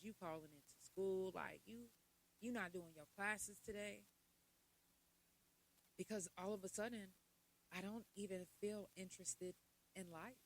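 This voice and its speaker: A woman hosting a podcast, talking candidly and casually about mental health, sometimes loud and laughing, sometimes low and quiet. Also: low-quality recording. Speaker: podcast host.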